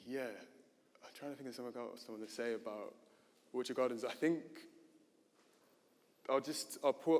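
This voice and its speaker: Guy talking on a panel stage, lots of ums and restarts, flat steady voice, big echoey hall. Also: medium pitch. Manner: hesitant, many fillers and restarts. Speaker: panel speaker. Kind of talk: unscripted panel talk. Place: gallery event stage. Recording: reverberant hall.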